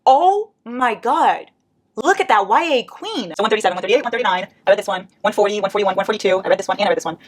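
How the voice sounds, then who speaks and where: A woman's voice: mid-range voice, animated, very fast, hardly any pauses. A woman whose first language is Portuguese, chatting casually at home by her bookshelves and counting her books aloud with self-mocking asides. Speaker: book vlogger. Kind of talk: casual vlog.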